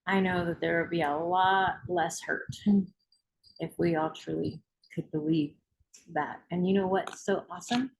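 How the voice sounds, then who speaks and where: Gravelly-voiced woman hosting a book club. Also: fairly low pitch, poor audio. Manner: emphatic, repetitive and rousing. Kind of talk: reading aloud and motivational talk.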